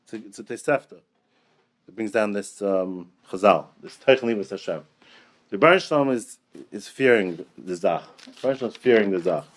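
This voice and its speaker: A middle-aged man giving a storytelling Torah class in an animated way, often repeating his phrases and chuckling. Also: medium pitch. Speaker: Torah teacher.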